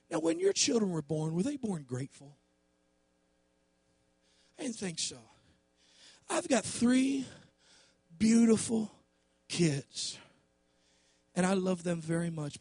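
A middle-aged man, a pastor preaching a sermon with passion, dropping to quiet asides and then rising to shouts. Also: high-pitched, creaky, husky, no echo.

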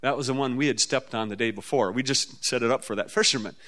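A man from the Midwestern US, preaching a storytelling sermon in a folksy, animated way with sudden jumps up in pitch. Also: fast. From Midwestern US, near the Mississippi River.

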